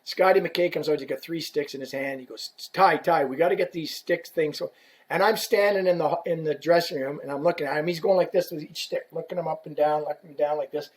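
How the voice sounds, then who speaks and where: A man's voice: a little high, fast talker. A man telling a story as a podcast guest, acting out dialogue and swearing freely. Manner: animated, profane, acts out dialogue. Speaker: podcast guest, former equipment rep. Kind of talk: casual anecdotal storytelling.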